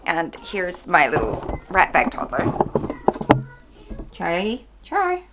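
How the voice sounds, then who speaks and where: Slow and fairly low-pitched with huge pitch swings, a homeschooling mother narrates a casual home vlog. She is chatty and self-deprecating, often laughing, and the busy family home behind her is noisy.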